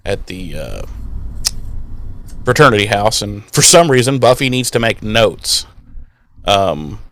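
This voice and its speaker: A man's voice: lowish voice, expressive, measured pace, pauses often, a bit bright. A man hosting a podcast, casually recapping an episode with profane, sarcastic asides. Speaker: podcast host.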